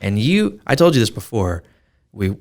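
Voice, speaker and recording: A man's voice: lowish voice, sing-song, moderate pace, creaky, darkish tone. A man co-hosting a podcast, chatting casually and opinionatedly with jokes and frequent laughter. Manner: joking, opinionated, laughs often. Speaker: podcast co-host. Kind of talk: casual chat about a film.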